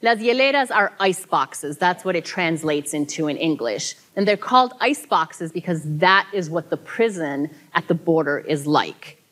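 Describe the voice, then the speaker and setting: A woman's voice: fairly low pitch, animated, moderate pace, a bit bright. A woman giving a conference keynote speech, earnest and emphatic, telling people's stories with now and then a laughing aside. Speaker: keynote speaker. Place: conference hall.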